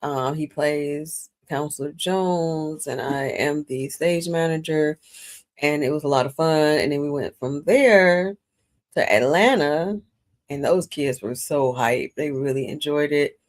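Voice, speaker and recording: A woman's voice: low-pitched, a little slow. A woman from Detroit co-hosting a casual podcast with her husband, chatty and upbeat though a bit sleepy. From Detroit, Michigan. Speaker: podcast co-host. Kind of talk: casual chat.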